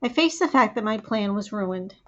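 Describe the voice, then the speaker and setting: A woman narrating a first-person audiobook in a plain, steady storytelling manner, on a dull lo-fi recording. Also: mid-range voice, moderate pace.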